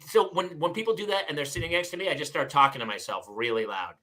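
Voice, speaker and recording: Talking fast with hardly any pauses, this California podcast host has a high-sitting voice. His chat is casual, and as an animated storyteller he performs other people's lines.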